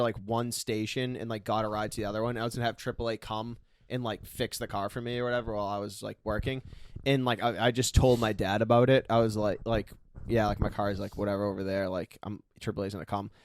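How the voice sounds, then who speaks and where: A man's voice: on the low side, flat delivery, fast, a little hiss or hum. A man co-hosting a casual podcast, talking in a laid-back, rambling way full of fillers. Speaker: podcast co-host.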